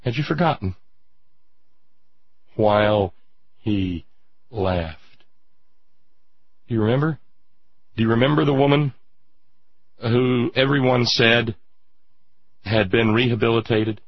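A man delivering an impassioned political monologue as a radio commentator, indignant, with drawn-out emphatic pauses. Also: mid-range voice, dry recording, dull audio.

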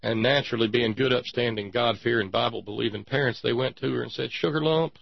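A gravelly male host gives a satirical monologue in a folksy, mock-preacher drawl. His tone stays dry and sarcastic throughout. The recording is dry and somewhat dull. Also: medium pitch, steady tone, fast, dry recording. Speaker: satirical talk show host.

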